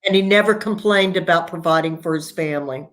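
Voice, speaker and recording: A woman author as a guest on a live video chat, telling family stories in a warm, storytelling way, heard over a video call. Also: lowish voice, brisk. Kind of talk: casual interview conversation.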